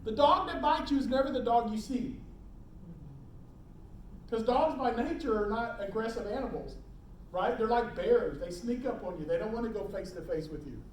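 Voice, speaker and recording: A middle-aged man teaching emergency preparedness to a live audience, animated, quizzing the room and acting out scenes. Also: sits high, moderate pace. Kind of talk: live classroom talk. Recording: roomy hall, distant mic, faint noise.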